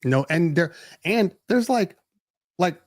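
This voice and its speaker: Speaking slowly with a high-pitched, lively intonation, this man hosts a podcast and talks tech in a relaxed way, restarting his explanations many times. There's no echo, and the sound is clean, like a studio.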